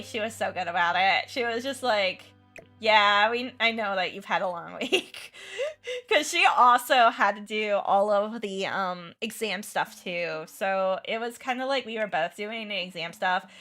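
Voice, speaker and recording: Young woman rambling about her week, lots of ums and restarts, bright tone, soft music behind. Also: a little high. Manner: rambling, lots of fillers and restarts, laughs often. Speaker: teacher and content creator. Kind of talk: casual storytelling chat while gaming.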